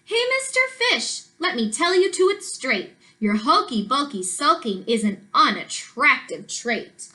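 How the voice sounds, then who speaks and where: A woman's voice: sits high, sing-song, unhurried, few pauses, sharp tone, exaggerated voice. A woman voicing a blunt, straight-talking octopus in a storybook. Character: blunt eight-armed octopus.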